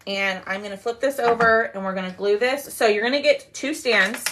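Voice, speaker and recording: Her voice is mid-range and fairly bright, with a little hiss or hum in the recording. She's demonstrating a craft for a live sale, chatting casually with viewers on the stream. Expect a chatty style full of "um"s and drawn-out "y'all"s.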